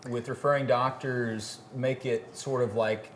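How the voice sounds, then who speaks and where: A man's voice: medium pitch, fairly even intonation, a little hiss or hum. Upbeat male host in a kitchen. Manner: upbeat, with quick affirmations. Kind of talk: casual chat while cooking. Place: kitchen on a live show.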